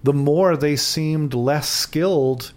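A man's voice: a little high, slow, a little mellow. An older man co-hosting a talk show in casual chat, rambling and self-deprecating, with many restarts. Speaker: co-host.

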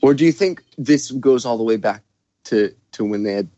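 A man hosting a casual conversation, talking slowly with many restarts and pauses while he searches for words. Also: mid-range voice, mellow, dull audio. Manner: slow, halting, searching for words.

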